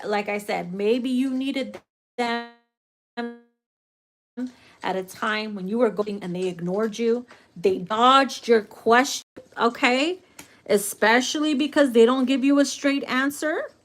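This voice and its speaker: A woman giving a casual tarot reading, brash and profane, theatrical and quick to laugh. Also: fairly high pitch. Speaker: tarot reader.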